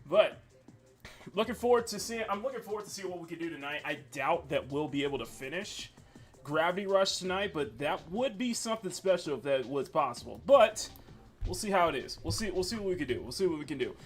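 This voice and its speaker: A man's voice: on the high side, lively intonation, a little fast. A young man hosting a livestream in casual, rambling chat with many fillers and restarts. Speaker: streamer host. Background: faint menu music.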